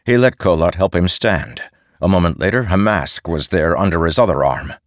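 A man giving measured, steady scripted narration as an audiobook narrator. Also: deep voice, no echo. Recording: dry close studio sound.

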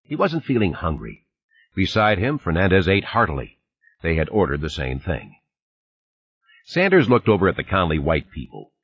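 A man narrating an audiobook in a measured, expressive reading, recorded on a dull lo-fi cassette. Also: low-pitched, breathy edge, no echo. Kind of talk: scripted narration.

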